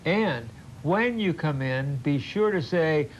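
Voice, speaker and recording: An older male TV host doing an in-studio sales pitch, halting and repeating words, with a jokey folksy manner. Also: animated. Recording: muffled old TV broadcast with faint hiss.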